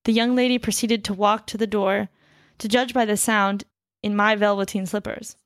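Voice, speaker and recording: Woman, story reader, fry in the voice, dry recording, steady reading, casual asides. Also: mid-range voice, normal speed, no echo. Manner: reads steadily, then chats loosely with fillers and laughs.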